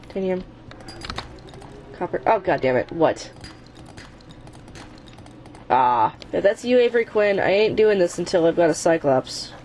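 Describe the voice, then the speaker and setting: A woman's voice: on the low side, expressive, measured pace, long pauses, a little mellow, slight background noise. A woman hosting her own gaming channel, giving let's play commentary while she plays, exasperated and swearing at the game, often chanting the same urging words over and over. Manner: chants repeated urging phrases.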